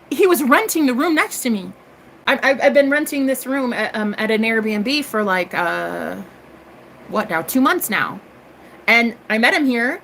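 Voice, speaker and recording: Sassy bright-voiced American woman storyteller. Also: a little slow, creaky, slight background noise. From United States. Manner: sassy, animated, swooping into high exclamations; cheeky and profane, calls listeners honey and girl. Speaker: tarot reader and live streamer. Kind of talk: casual storytelling monologue.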